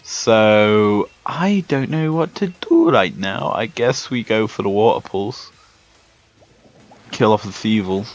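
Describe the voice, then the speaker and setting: A young British man giving relaxed, chatty commentary while playing a video game. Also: on the low side. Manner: slow, laid-back, chatty. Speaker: Let's Play host. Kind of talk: casual gameplay commentary. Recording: dull lo-fi sound with faint music.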